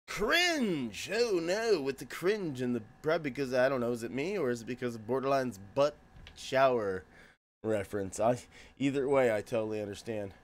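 A man streams games live, joking around and greeting people in his chat by name in a goofy way. His voice is mid-range, a little fast, and a little mellow.

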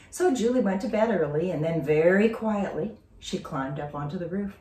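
A woman teacher reading a children's story aloud with expressive, dramatic storytelling. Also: lowish voice, normal speed, few pauses, slight background noise. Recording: roomy, distant from mic.

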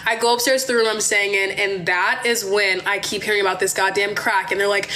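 Young woman from Maryland, slightly high voice, loose chatty livestream storyteller with frequent swearing. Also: normal speed, few pauses. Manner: animated, chatty, swears, addresses viewers as y'all. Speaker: livestream host. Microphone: phone.

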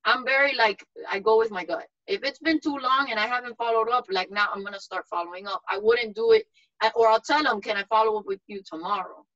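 A woman's voice: on the high side, expressive, brisk, fairly bright tone, dull audio. A woman mentor giving practical, matter-of-fact advice on a video call. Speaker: mentor coach.

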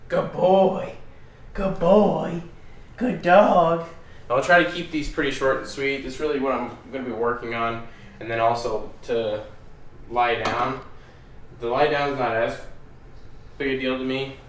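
A man's voice: mid-range voice, normal speed, far from the mic, a little hiss or hum. Easygoing guy talking thru dog training, echoey room, a bit away from the mic. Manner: relaxed, plainspoken, upbeat commands to the dog. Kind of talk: casual explaining while training.

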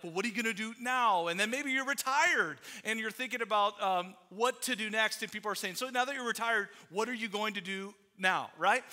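A middle-aged pastor from Iowa preaches to his congregation in a loose, conversational way. He acts out little quoted exchanges and leans on fillers like "uh" and "like". His voice sits high and sounds very bright and forceful. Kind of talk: conversational sermon. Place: church sanctuary.

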